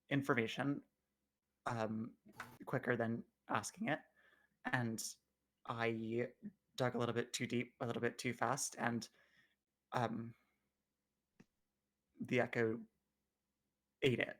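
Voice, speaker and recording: A man playing his character in a tabletop game, talking in an earnest, reflective way with gentle hesitations. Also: medium pitch, steady tone, slow pace, pauses often. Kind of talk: in-character roleplay.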